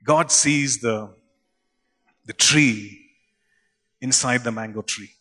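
A man preaching a sermon, retelling scripture stories in an animated, conversational way. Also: medium pitch, slow pace. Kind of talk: sermon storytelling.

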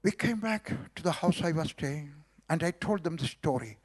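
A middle-aged man from South India, speaking with an Indian accent, preaches a sermon testimony as a story and acts out the dialogue. His voice is fairly high, his intonation lively, and his pace moderate.

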